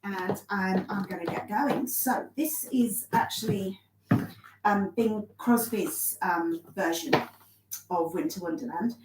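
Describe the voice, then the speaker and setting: A woman's voice: medium pitch, slow pace, very noisy. Slightly breathless woman teaching dance. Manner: chatty, many ums, self-correcting. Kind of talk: live online dance lesson. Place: kitchen of a small bungalow. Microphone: phone set on the floor. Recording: roomy sound from a distance.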